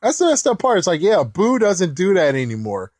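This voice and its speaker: A man hosting a casual episode commentary, excitable and chuckling, with mild swearing. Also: high voice, fairly quick, no room sound. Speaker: anime reaction host.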